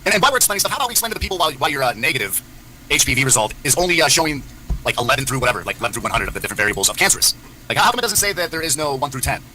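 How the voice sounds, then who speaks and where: A man delivering an angry, profane callout on a livestream, swinging between shouted lines and low muttering. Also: very animated, rough recording. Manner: angry, profane rant with rapid pitch swings.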